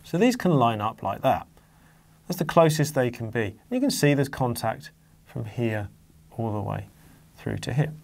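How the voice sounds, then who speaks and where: A man's voice: medium pitch, expressive, moderate pace, vocal fry, darkish tone. A man teaching an exam-focused chemistry lesson, patiently walking through diagrams and leaning hard on key words.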